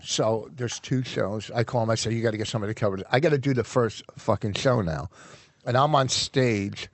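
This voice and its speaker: A man in his fifties tells a rambling, laughing story as a guest on a talk radio show. His voice sits at an ordinary middle pitch, loose and profane. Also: a little fast, dry recording. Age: 50s. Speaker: comedian guest. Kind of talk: casual radio chat, storytelling.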